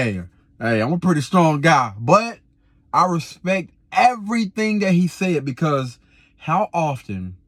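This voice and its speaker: Young male videographer, slangy animated storyteller, higher voice, dry sound. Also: dry recording. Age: 20s. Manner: animated, slangy, repeats himself. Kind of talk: casual storytelling.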